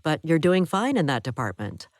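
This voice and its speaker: A woman reading an audiobook voices a calm, practical nurse who speaks in a matter-of-fact way. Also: low voice, moderate pace, dry recording, studio quality.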